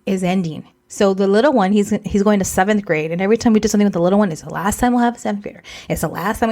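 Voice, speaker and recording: Fast-talking woman in her forties. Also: medium pitch. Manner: candid, mixes Spanish phrases into English. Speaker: podcast co-host. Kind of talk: emotional casual chat.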